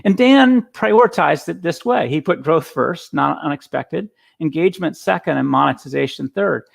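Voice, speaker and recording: Male speaker, gravelly tone, slightly high, casual storytelling with restarts, video-call audio. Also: lively intonation, moderate pace. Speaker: guest speaker. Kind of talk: conference talk.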